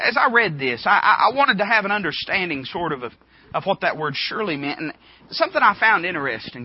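A man preaching a sermon, impassioned and swinging between loud and hushed, with a husky voice. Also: fairly high pitch, dull audio.

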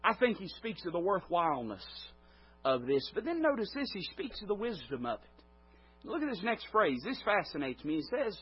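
Husky-voiced man preaching a sermon. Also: high-pitched, very animated, moderate pace. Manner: emphatic, swelling and dropping in volume. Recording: dull lo-fi recording.

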